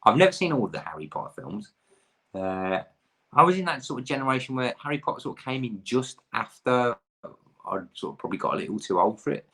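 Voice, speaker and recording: A man's voice: mid-range voice, very animated, fast talker, vocal fry, sharp tone, slightly rough. A man in his thirties from the UK, hosting a pub quiz with chatty, rambling, self-deprecating asides.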